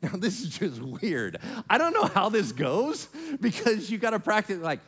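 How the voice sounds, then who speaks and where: A man's voice: sits high, moderate pace, slightly rough. A man preaching a sermon as pastor, joking and acting out little voices as he teaches. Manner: animated, joking, acts out voices.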